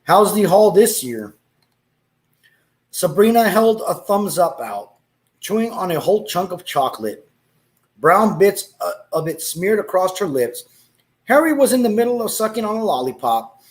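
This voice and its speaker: A man's voice: sits high, big pitch swings, normal speed. A man reading a story aloud, breaking off to laugh and make asides, with Spanish exclamations.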